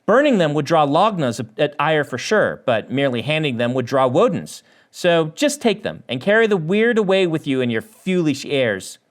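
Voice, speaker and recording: A stern village woman from a medieval tale, read by a man in his own lively voice. She sounds curt and reproachful. The pitch sits a little high and moves freely. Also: moderate pace, hardly any pauses. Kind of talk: author reading his own novel aloud.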